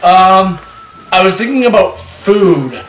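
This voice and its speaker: A young man with a high voice, recorded in a roomy space with the mic set back. He chats casually and laughs at himself. Soft music runs underneath. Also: lively intonation, slow pace. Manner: laughing, self-deprecating. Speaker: panel member. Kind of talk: casual opinion chat.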